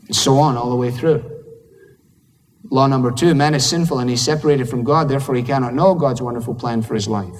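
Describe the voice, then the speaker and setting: A man's voice: mid-range voice, brisk, in a large hall. A man with a Scottish accent preaching a sermon in a conversational, humorous way, acting out little dialogues. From Scotland.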